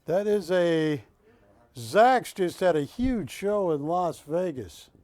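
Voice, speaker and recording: An auction host with a high-pitched voice runs a live shopping-channel auction, chatty and jokey as he calls out bids and counts them down. He's animated and a little mellow at an unhurried pace, with close, dry studio sound and no room sound.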